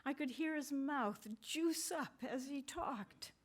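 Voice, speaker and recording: A woman author reading her literary fiction aloud in a measured, deliberate way, with brief asides to the audience. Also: sits high. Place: conference reading.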